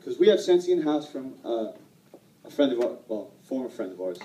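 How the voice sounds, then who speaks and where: A man's voice: mid-range voice, expressive, brisk, dark tone, roomy sound, distant mic, slight background noise, low-quality recording. A man telling a personal story to an audience at an event, self-deprecating and rambling, laughing often. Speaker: speaker at a sales event.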